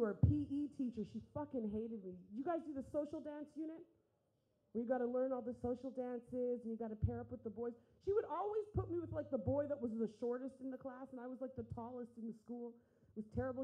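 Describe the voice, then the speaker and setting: A woman's voice: fairly high pitch, dark tone, low-quality recording. A young woman doing a stand-up comedy set, brash and profane, acting out the voices of people in her stories.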